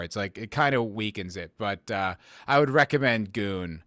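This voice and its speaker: A man's voice: mid-range voice, very animated, normal speed, hardly any pauses, fairly bright tone, no room sound, studio quality. A man hosting a podcast livestream and reading chat messages aloud, rambling casually, swearing and poking fun at himself. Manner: rambling, profane and self-mocking.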